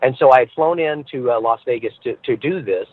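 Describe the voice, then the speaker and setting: A man being interviewed as a guest, telling stories with animated, acted-out voices, heard over a phone line. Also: medium pitch, a little fast, dry recording. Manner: animated storyteller who acts out voices. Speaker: guest entertainer. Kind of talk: podcast interview, storytelling.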